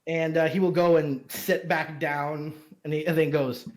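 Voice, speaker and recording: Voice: mid-range voice, little pitch movement, unhurried. Rambling tabletop game master. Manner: rambling, many fillers and restarts.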